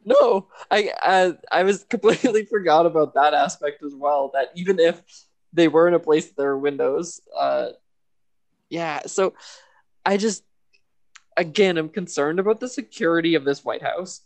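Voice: medium pitch, normal speed. Chatty laughing podcast co-host. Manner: laughs often, loose and chatty. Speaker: podcast co-host recapping a TV episode. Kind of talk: casual recap chat.

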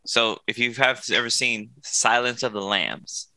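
A man co-hosting a casual podcast, laying out his point step by step like he is telling a story. His voice is very bright and sharp-edged, sitting at an ordinary pitch. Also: a little slow. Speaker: podcast co-host.

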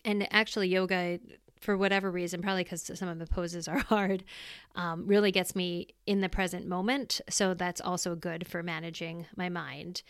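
A woman's voice: lowish voice, steady tone, normal speed, clear, resonant tone, dry recording, clean studio sound. A middle-aged woman hosting a solo podcast, talking candidly and reflectively in a casual, plainspoken way. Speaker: podcast host.

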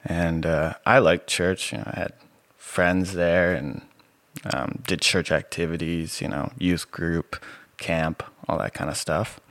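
A man with a soothing voice, sharing his personal story as a podcast guest in a relaxed, rambling way with many fillers. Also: low-pitched, slow, dry recording. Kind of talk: casual personal testimony.

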